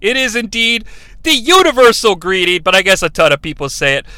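A high-pitched man with a bright, crisp voice hosts a casual countdown show. He sounds enthusiastic, laughs often and drifts into asides, recorded dry and close with no room sound. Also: big pitch swings, a little fast, no echo.

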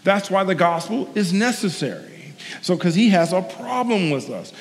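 Gravelly man preaching in a reverberant hall. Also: high voice, expressive, normal speed. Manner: earnest, repeats key lines for emphasis, personal asides. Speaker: guest preacher, sports team chaplain. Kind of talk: sermon.

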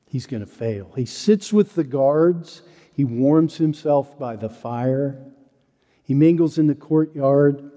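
Earnestness runs through this pastor's storytelling sermon, where quoted denials rise high and loud and solemn points drop low and soft. The recording has a big-room sound.

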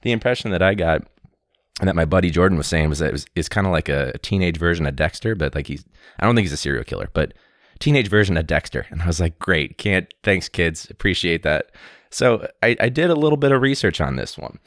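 A man's voice: deep voice, lively intonation, fast, no room sound. A man who teaches, hosting his own podcast in a candid, rambling, wry way on a studio mic. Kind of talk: casual solo podcast talk. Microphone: studio mic with pop filter.

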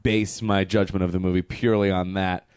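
A man with a somewhat low voice co-hosts a casual movie review podcast. He talks bluntly, with exasperated sarcasm, recorded dry and close. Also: level tone, fairly quick, darkish tone, clear, resonant tone, no room sound. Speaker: podcast co-host.

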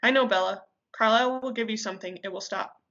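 A woman's voice: medium pitch, quick pace, fairly bright tone, lo-fi sound, lightly acted. A woman voicing a desperate young man who pleads in anguish, reading a story aloud. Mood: soothing. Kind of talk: amateur audiobook reading.

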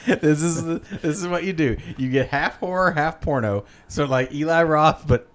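A man riffing in casual comedic banter with friends, animated and joking. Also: on the high side, normal speed, a little hiss or hum. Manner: animated, joking, loud bursts of laughter.

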